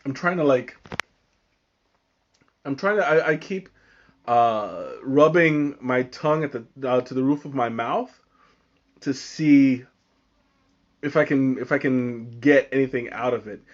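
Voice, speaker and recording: A man's voice: mid-range voice, muffled recording. A man hosting a live tea tasting, talking casually and often stopping mid-sentence to hunt for the right word. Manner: halting, searching for words, many fillers and restarts. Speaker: livestream host.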